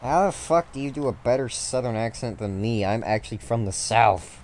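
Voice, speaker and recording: A man's voice: mid-range voice, animated, moderate pace, a little mellow. A man chatting casually on a live game stream, playful and teasing, swearing freely. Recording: noisy home stream audio.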